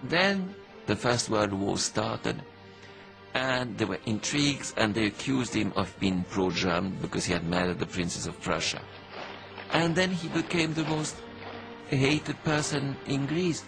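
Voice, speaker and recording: Gravelly, lowish male interviewee, lively delivery, music behind. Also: unhurried. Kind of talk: interview commentary.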